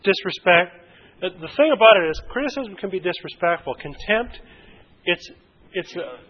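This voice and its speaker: A man presenting a relationship workshop in a conversational way, lively, using vivid examples and asking his audience questions. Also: sits high, moderate pace. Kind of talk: conversational teaching to a group. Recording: dull lo-fi recording.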